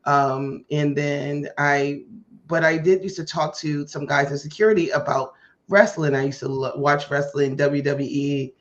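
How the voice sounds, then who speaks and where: A woman hosting a podcast tells a personal story in a casual way and acts out the dialogue with lively voices. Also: deep voice, measured pace. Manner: animated, acts out quoted dialogue. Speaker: podcast host. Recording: muffled lo-fi audio.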